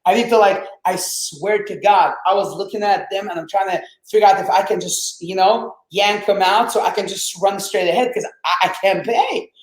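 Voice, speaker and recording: A man whose first language is Arabic, telling his story as a podcast guest in a lively, swearing, casual way and acting out quotes. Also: high-pitched, moderate pace, few pauses, echoey room, poor audio. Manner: animated, swears, acts out quotes.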